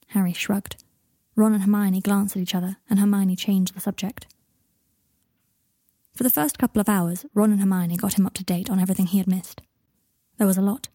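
A woman narrating a story calmly and evenly into a close mic. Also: mid-range voice, a little fast, pauses often, dry recording. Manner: calm, even narration. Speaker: audiobook narrator. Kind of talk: reading fan fiction aloud.

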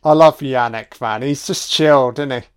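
A man giving a casual, sweary audio commentary on a film, reacting out loud to what he sees. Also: mid-range voice, normal speed, clean tone. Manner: sweary, exclaiming reactions at the screen.

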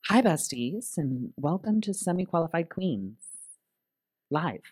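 A man's voice: fairly high pitch, sing-song, a little slow, a little mellow, slightly rough. A man who performs as a drag queen, co-hosting a podcast in a playful, teasing chat with lots of laughter before a live audience.

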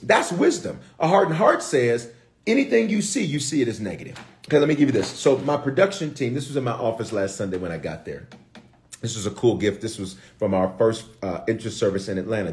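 A middle-aged man preaching a sermon as a bishop, animated and playful, calling out to his listeners. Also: mid-range voice. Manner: animated, call-and-response preaching with playful asides.

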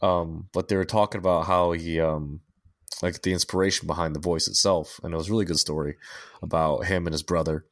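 A low-pitched man chatting on a podcast, his voice close and dry with no room sound. He rambles, swears easily and trips over his own restarts. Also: steady tone, fairly quick, dry recording. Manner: rambling, profane, restarts a lot. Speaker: podcast co-host. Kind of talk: casual chat.

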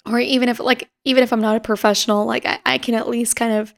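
A woman's voice: on the high side, flat delivery, fast, creaky. A woman in her twenties chatting casually on her own podcast, rambling through stories with lots of fillers and the odd laugh. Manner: laughs now and then while telling stories. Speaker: podcast host. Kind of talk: casual chat.

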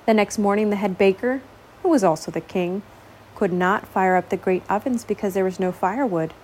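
A woman reading a children's picture book aloud in a slow, expressive, gently dramatic way. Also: mid-range voice, slight background noise. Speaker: storyteller. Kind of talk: storybook read-aloud.

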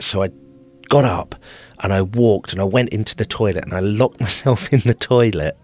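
Low-voiced man telling a story. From Britain. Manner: self-deprecating, laughs often while telling. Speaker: podcast host telling a personal story. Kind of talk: casual storytelling.

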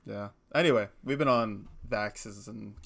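A man's voice: lowish voice, vocal fry, a bit bright. A young man in his twenties co-hosting a casual podcast, telling stories in a rambling way and correcting himself often. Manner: fast, rambling, self-correcting storyteller. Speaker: podcast co-host. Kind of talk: casual chat.

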